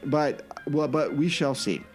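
A man's voice: on the high side, measured pace, over music. Opinionated man co-hosting a podcast. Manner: animated, opinionated, frequent restarts. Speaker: podcast co-host. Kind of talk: casual chat.

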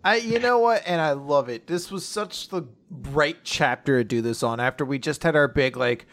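A man co-hosting a casual manga podcast, enthusiastic and quick to swear. His voice sits a little high, and he fills his sentences with hedging fillers. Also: a bit bright. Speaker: podcast co-host.

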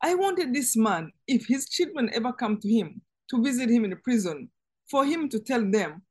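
A woman guest giving an earnest personal testimony in conversation, halting and restarting as she speaks. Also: on the high side, lively intonation, darkish tone, slightly rough. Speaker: interview guest.

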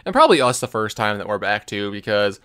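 A man's voice: on the low side, sing-song, fast talker, a bit bright, smooth. A man co-hosting a casual gaming podcast, speaking in a wry, hedging way. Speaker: podcast co-host.

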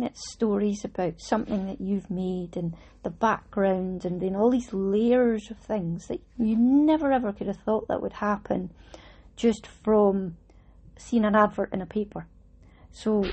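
A middle-aged woman reminisces in a relaxed, chatty way, slipping in Scots words. Her voice is soft and a little husky, with a mellow, dark tone. She talks like she's sharing a story with friends. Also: medium pitch. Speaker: vlogger talking about her embroidery project. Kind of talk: casual storytelling.

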